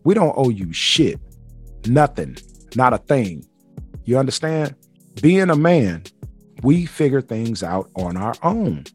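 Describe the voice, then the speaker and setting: A man's voice: medium pitch, very animated, slow, pauses often, husky, soft background music. A man hosting a solo podcast, talking bluntly and emphatically with plenty of swearing. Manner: blunt, emphatic, profane ranting. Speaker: podcast host.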